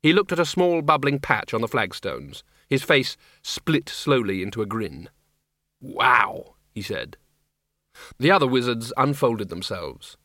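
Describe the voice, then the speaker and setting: A man narrating an audiobook in a dry, measured comic reading. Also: medium pitch, big pitch swings, fairly bright tone, no echo. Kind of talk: scripted narration.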